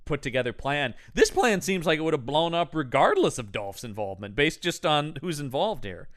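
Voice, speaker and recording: A man's voice: fairly high pitch, sing-song, moderate pace, a bit bright, no room sound, studio quality. A man co-hosting a film podcast, in casual discussion, analytical, talking in long trailing thoughts. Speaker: podcast co-host reviewing a film.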